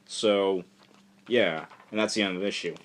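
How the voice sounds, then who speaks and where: A man casually reviewing a comic book issue for a vlog, rambling and excitable, filling his talk with "like" and "just". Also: sits low, normal speed.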